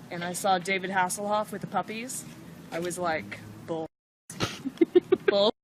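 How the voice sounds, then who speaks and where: A young woman, a classmate, slowly recounting the prank in an amused, drawn-out way. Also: medium pitch, background noise. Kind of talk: casual interview.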